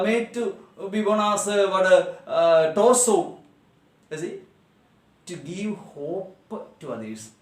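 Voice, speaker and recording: Indian english teacher guy, kinda high voice, repeats everything, echoey room, far from the mic. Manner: emphatic, repeats and rephrases lines, rhetorical questions to students. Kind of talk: classroom lesson explaining a text.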